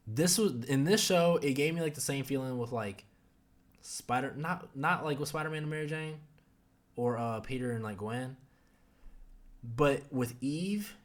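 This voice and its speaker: Rambling, cursing young man. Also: medium pitch. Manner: rambling, profane, filler-heavy. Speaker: podcast host. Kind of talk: casual review chat.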